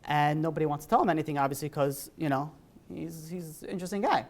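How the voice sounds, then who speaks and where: A man, a rabbi, telling a story in a sermon in a casual, animated way, full of "you know" and "like". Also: a little high, quick pace.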